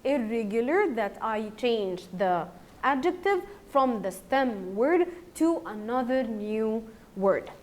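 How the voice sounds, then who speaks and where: Egyptian woman, primary English teacher; slow, drilling delivery, lively rising and falling pitch. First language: Arabic. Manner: slow, repeats words for drilling. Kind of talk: recorded grammar lesson.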